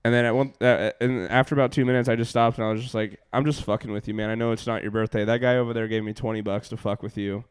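A man's voice: fairly low pitch, level tone, fast, hardly any pauses, clear, resonant tone, no room sound, studio quality. Laid-back young man rambling through stories. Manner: rambling, laughing, full of fillers and swearing. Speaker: comedian and podcast host. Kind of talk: casual storytelling chat.

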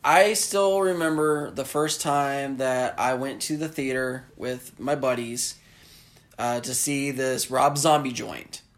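A man from the American South in casual chat, rambling excitedly and acting out movie lines. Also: medium pitch, slow pace.

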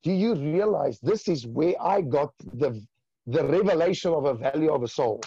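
Fervent gravelly man, halting testimony. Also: a little high, expressive, mellow, dry recording, lo-fi sound. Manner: fervent, halting with repeated restarts. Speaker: guest sharing a testimony. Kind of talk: emotional testimony in conversation.

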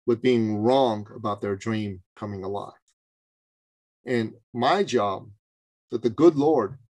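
A man from Canada telling a story as a guest on a podcast, in an animated and emphatic way. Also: medium pitch, dry recording, poor audio. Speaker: podcast guest, business coach. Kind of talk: interview storytelling.

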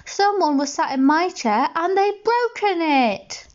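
A little baby bear from a bedtime storybook, put on by a woman reading aloud. The voice is squeaky and very high, slow and wailing. The recording is slightly muffled. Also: animated. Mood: plaintive.

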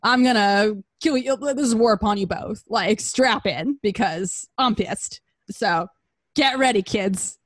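A woman's voice: mid-range voice, a little slow, no echo, natural voice. Woman voicing a menacing male phantom, crude and casual, dry recording. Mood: threatening. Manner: offhand and crude.

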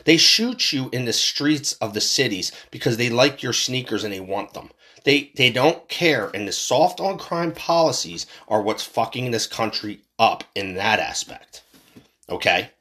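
A man's voice: medium pitch, lively intonation, normal speed, a bit bright. Angry ranting man from Philadelphia. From Philadelphia, USA. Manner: heated, profane, repetitive. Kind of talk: angry political rant.

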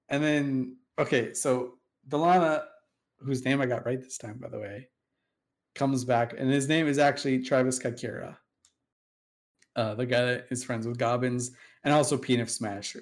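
A man's voice: medium pitch, steady tone, normal speed. A man tells a sprawling story in loose, casual chat. He swears freely and leans on fillers. He jumps into quoted dialogue as he goes. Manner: rambling, profane, acts out quoted dialogue with fillers. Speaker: storyteller guest recounting game history.

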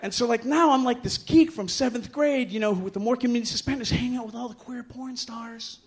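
A middle-aged man telling a bawdy story live on a bar stage, animated and self-mocking, jumping to loud high voices when he acts out what people said. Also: brisk.

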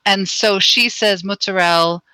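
A woman from New Jersey, a guest author chatting in an interview, telling stories in a relaxed way. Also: mid-range voice, normal speed, no room sound, rough recording. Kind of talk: casual interview chat.

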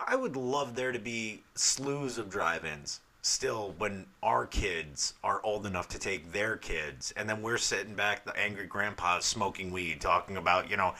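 In his thirties, this male podcast co-host tells stories in a casual, joking, and profane manner. His voice runs low with a sharp edge, and the talk is relaxed chat.

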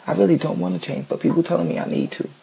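A man's voice: fairly high pitch, sing-song, racing, creaky, mellow, husky, low-quality recording. A man ranting casually, blunt and profane, often asking "you know what I'm saying".

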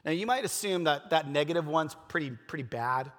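A man's voice: on the high side, animated, fairly quick, fairly bright tone. A man preaching a casual, conversational sermon, telling personal stories in an earnest way with many fillers and restarts. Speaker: pastor. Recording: long reverb of a large hall.

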